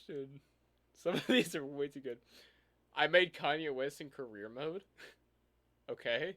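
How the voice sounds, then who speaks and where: A man's voice: mid-range voice, unhurried, pauses often, pushed and bright. A young man chatting casually with a friend, reading game reviews aloud and laughing through them. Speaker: YouTuber co-host.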